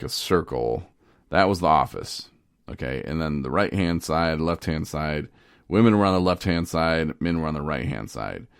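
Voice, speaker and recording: Podcast host, male, deep and gravelly, rambling casual storyteller, dry close mic. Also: no room sound. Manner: rambling, animated, laughs often.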